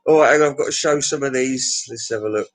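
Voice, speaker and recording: A man's voice: medium pitch, a little fast, faint music behind, low-quality recording. A British man vlogging in a rambling, sweary and mocking way, reading out questions and ranting at other people. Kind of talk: casual rambling video chat.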